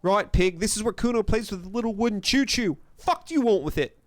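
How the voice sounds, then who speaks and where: A man's voice: on the high side, big pitch swings, a little fast, no room sound. A young man voicing a cocky, foul-mouthed boy of about twelve who swaggers and talks about himself by name.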